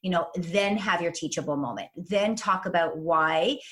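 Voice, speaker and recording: A woman parenting coach, a younger adult, giving advice in a chat and explaining things clearly step by step. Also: on the low side, normal speed, fairly bright tone.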